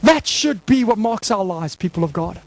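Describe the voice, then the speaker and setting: A man's voice: high-pitched, expressive, normal speed, rough recording. A male pastor preaching a sermon to his congregation, emphatic and impassioned, with rhetorical questions. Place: church hall before a congregation.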